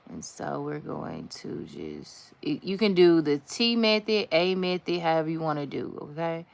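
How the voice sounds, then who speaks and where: A woman's voice: low-pitched, sing-song, normal speed, creaky, a little mellow. A woman doing a casual nail art tutorial, chatty and slangy, talking straight to her viewers and dropping to a near whisper while she concentrates on the work.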